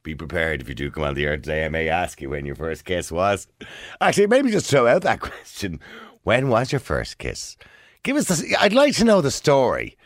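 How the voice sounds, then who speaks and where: Lively joking Irish radio host. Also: male voice, sits low, normal speed, no echo, studio quality. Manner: jokey, laughs often, lively. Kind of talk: casual radio chat. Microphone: studio microphone.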